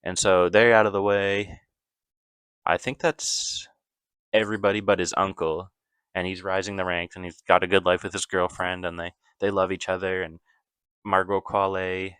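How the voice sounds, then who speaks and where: Low-voiced man rambling through a recap. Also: flat delivery, normal speed, a bit bright, smooth, no echo. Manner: rambling, loose, many fillers and self-corrections. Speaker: movie recap vlogger. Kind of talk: casual spoken movie recap.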